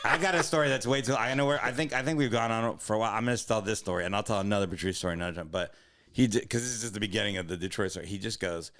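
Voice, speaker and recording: A man's voice: on the low side, fairly bright tone. A man co-hosting a comedy podcast, telling long rambling profane stories in casual chat. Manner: rambling, profane, quick storytelling.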